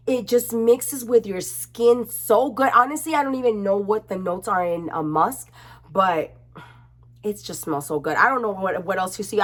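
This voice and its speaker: A young woman vlogger talks casually and expressively to her camera at home, her slightly high voice bouncing along as she swears freely. The sound is plain, from a camera mic in an indoor room. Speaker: beauty vlogger.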